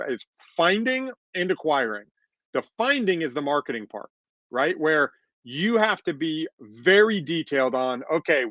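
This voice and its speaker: This podcast co-host's voice is a little high with a fairly bright tone. He chats casually, hammering his points by repeating them emphatically and performing the voices he quotes, captured on a dull, dry, lo-fi recording without room sound.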